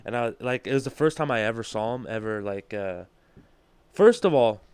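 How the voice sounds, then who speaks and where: A man's voice: mid-range voice, moderate pace, clear, resonant tone, no echo. A man telling stories in casual podcast chat, swearing a lot and acting out what others said. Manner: animated storyteller, heavy swearing, acts out quotes. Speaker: comedian guest.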